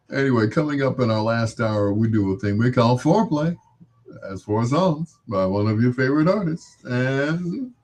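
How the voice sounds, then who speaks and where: A man hosting a late-night love-songs radio show, joking and laughing between shout-outs and song intros. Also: lowish voice, slightly rough. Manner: playful, laughing asides, mock-imitates other DJs.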